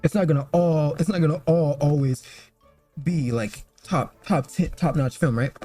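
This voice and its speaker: A man's voice: fairly high pitch, moderate pace, warm tone, no echo, soft background music. Young guy rambling about movies, lots of like and um, swears a ton, dry mic. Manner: rambling, filler-heavy, swears freely. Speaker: movie reviewer. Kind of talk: casual chat.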